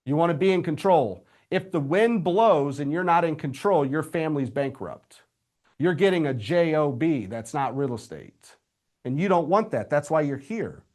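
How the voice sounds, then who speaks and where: A man's voice: a little high, normal speed. Upbeat man coaching live. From Indiana, USA. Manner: energetic, direct, talks straight to the audience. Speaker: real estate coach.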